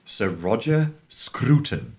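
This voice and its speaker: A man's voice: lowish voice, big pitch swings, takes it slowly, vocal fry, a little mellow. A middle-aged man, chatting casually as a podcast co-host, swearing freely and slipping into mocking voices. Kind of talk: casual chat.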